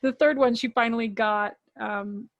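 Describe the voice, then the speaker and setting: A woman with a fairly high voice chats on a podcast as a guest. She tells stories in a lively way, laughing and swearing as she goes. The recording is close and dry, with no room sound. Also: normal speed, no room sound, lo-fi sound. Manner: chatty, animated storyteller who laughs and swears freely. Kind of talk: casual chat.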